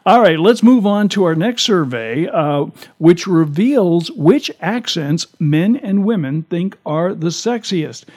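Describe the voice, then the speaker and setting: A man's voice: high voice, expressive, slow, few pauses, darkish tone. A man co-hosting a talk show, chatting casually and reading out survey figures with an amused tone. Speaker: radio talk show co-host.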